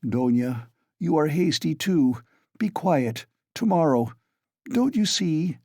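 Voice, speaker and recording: Timid anxious mother, pleading, raised pitch, mellow tone, as a male narrator puts her on. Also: lively intonation, takes it slowly, no echo, clean studio sound, full character voice. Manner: pleading, fretful.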